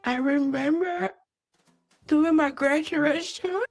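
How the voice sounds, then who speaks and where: A woman calling in to a live stream to share a tearful, heartfelt tribute, speaking in a halting way and holding back tears. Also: high-pitched, darkish tone, faint music behind. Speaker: caller sharing a tribute. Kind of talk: emotional phone-in tribute.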